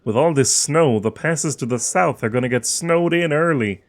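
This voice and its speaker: A man's voice: fairly high pitch, normal speed, close to an everyday voice. Fields: man as a folksy, prejudiced townsman. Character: prejudiced middle-aged male townsman, plainspoken.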